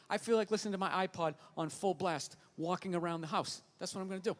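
High voiced guy doing standup, ranty and sweary, kinda exasperated. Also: fast talker. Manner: ranting, profane, exasperated storytelling. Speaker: stand-up comedian. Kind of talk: stand-up comedy routine.

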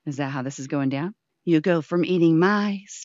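A woman's voice: low voice, moderate pace, a little mellow, dry recording, lo-fi sound. A woman hosting a casual VR chat show, teasing her guests with theatrical mock outrage and cooing baby talk. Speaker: show host. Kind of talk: playful improvised VR chat banter.

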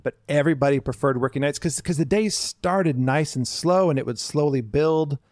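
A man's voice: a little high, normal speed, no room sound, clean studio sound. A man co-hosting a podcast, telling stories in a casual chat and acting out the people he quotes. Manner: storytelling, acts out quoted people in lively voices. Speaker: podcast co-host.

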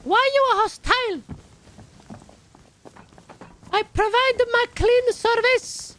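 A man's voice: very high voice, measured pace, bright, forceful tone, pitched above the performer's own voice, exaggerated voice. A young man putting on an Italian accent to play a pushy little Italian grandmother in her seventies who comes to clean, speaking broken English in game voice chat. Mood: indignant.

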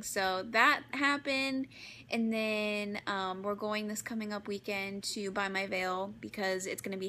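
A woman's voice: mid-range voice, sharp tone, a little hiss or hum. A young woman in her twenties chatting to camera as a beauty vlogger, gushing and filling her talk with "like". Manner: gushing, fills every phrase with "like". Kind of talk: casual chat to camera.

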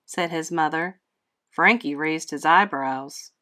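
A woman reading a children's storybook aloud in a slow, expressive, teacherly way. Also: sits low. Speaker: read-aloud host.

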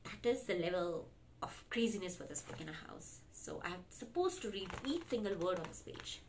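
A woman's voice: lowish voice, normal speed, slight background noise. A woman in her thirties from India with an Indian English accent, giving a chatty book review as a parent. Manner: animated, chatty, reads aloud with exaggerated silly voices.

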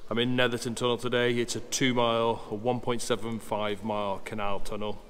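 A man talks through his photography outing in a relaxed, matter-of-fact manner, his pitch sitting mid-range and staying quite level throughout. He explains his setup step by step as he goes. A light hiss runs faintly beneath him. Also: fairly quick. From Black Country, England. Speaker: photography vlogger. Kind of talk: casual vlog narration. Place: inside a dark wet canal tunnel.

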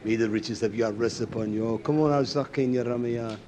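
An older man preaching an animated sermon, swinging between loud bursts and low asides. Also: brisk, slight background noise.

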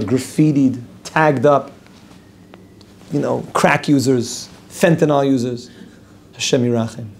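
Rabbi teaching outdoors, mid-pitched man, lively storyteller who repeats lines for emphasis. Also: a little hiss or hum. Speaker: rabbi teaching a Torah class. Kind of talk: spoken Torah lesson with storytelling. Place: outdoors at a lookout over a city.

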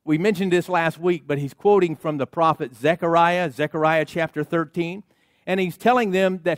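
A high-voiced pastor preaches with emphatic, rhythmic repetition and frequent call-outs to the congregation. His voice is close and dry, with almost no room sound around it. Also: moderate pace, no room sound. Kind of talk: sermon. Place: church sanctuary.

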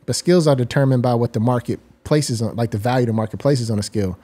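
A guest designer in his forties reflects in an interview, articulately explaining his views at length. His mid-range voice is warm and quick-paced.

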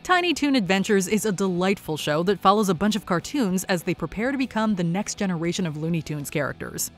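A woman's voice: medium pitch, lively intonation, fast talker, faint music behind. Upbeat woman narrating a countdown. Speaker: countdown host. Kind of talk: scripted narration.

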